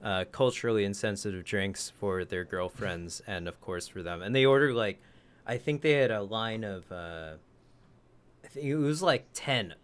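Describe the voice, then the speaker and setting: A man's voice: lowish voice, expressive, normal speed, clean tone. A man co-hosting a casual podcast, telling a rambling story that he keeps correcting as he goes. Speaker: podcast co-host. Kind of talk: casual chat.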